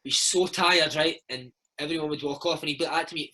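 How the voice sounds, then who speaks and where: A Scottish man in his thirties, a former footballer, telling animated stories in a casual interview and slipping into impressions. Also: a little high, brisk, rough recording. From Scotland. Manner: animated storyteller, slips into impressions of his old coach.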